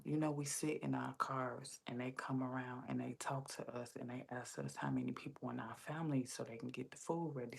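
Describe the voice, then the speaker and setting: A woman's voice: rumbling low, vocal fry, a little mellow, husky. A woman hosting a casual livestream, chatting straight to her viewers and telling stories. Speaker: livestream host.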